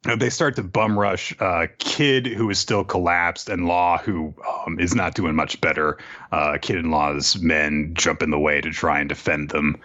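A man's voice: sits low, fairly even intonation, unhurried, pushed and bright. A man on a podcast animatedly retelling an anime episode in casual, profane chat. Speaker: podcast co-host. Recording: dull lo-fi sound.

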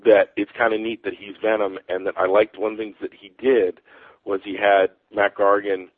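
Halting American man on a phone line. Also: fairly low pitch, flat delivery, no echo. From United States. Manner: rambling, halting with many fillers and restarts. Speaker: comic book writer guest. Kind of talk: casual interview chat.

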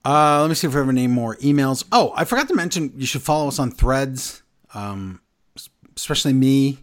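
A man hosting a casual wrestling podcast, recapping the show in excited, animated bursts. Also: medium pitch, a little fast. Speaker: podcast host.

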